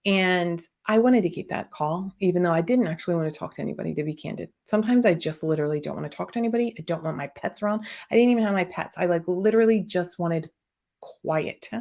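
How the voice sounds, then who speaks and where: Candid and rambling, a middle-aged woman who hosts a podcast and coaches businesses relates a personal story with lots of fillers and restarts, in a lowish voice with a darkish tone.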